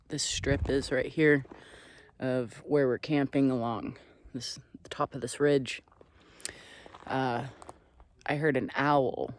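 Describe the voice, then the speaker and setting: Slow earnest guy vlogging out at a desert camp, rambly, goes almost whispery sometimes. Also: mid-range voice, a little hiss or hum. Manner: slow, earnest and meandering, drops to soft near-whispers. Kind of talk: reflective spiritual vlog talk. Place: outdoors at a desert campsite on a ridge.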